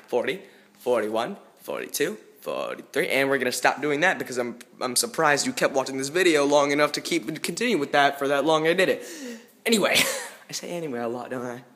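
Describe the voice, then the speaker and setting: Young man, casual home vlog, goofy, rambling, bouncy pitch, phone recording. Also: big pitch swings, brisk, a bit bright. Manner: goofy, self-aware, jumps between topics. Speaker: vlogger. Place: at home, indoors. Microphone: handheld phone.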